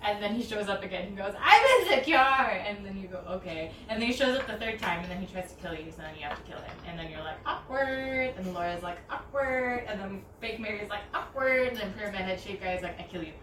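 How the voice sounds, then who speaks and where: A young woman chatting casually while crafting, giggling and rambling through a long story with quick put-on voices. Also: medium pitch. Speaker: DIY crafter. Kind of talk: casual chat. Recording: echoey, distant, noisy room mic.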